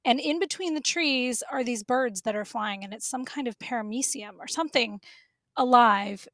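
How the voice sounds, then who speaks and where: Woman guest, fairly high voice, dry close mic, animated emotional storyteller. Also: moderate pace, no echo. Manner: animated, emotional, laughs often. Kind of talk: personal storytelling.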